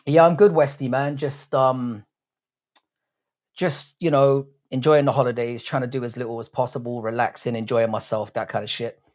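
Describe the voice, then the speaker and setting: A man's voice: medium pitch, fairly even intonation, normal speed, darkish tone. A man, hosting a livestream from a room at home, casually chatting and bantering with his viewers, swearing freely. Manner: laid-back, swears freely, banters with chat. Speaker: livestream host.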